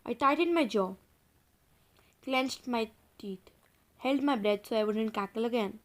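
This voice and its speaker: A woman's voice: fairly high pitch, unhurried, long pauses. Woman reading a spooky story aloud. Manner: suspenseful, addresses listeners directly. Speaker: audiobook narrator. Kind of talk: dramatic audiobook reading.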